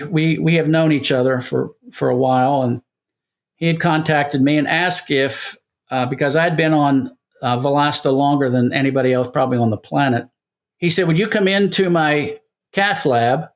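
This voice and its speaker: An older man in his seventies tells his story to an interviewer. His voice sits a little high, and he is animated, playing out both sides of the conversations he recounts. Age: 70s. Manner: animated storyteller, acts out quoted dialogue. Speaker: guest. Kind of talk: casual storytelling.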